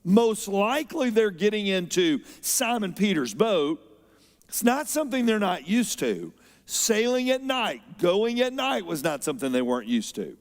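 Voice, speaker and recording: A man preaching a sermon as pastor, expressive, moving between loud emphasis and quiet, unhurried stretches. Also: high voice. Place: church auditorium. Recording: long hall reverb.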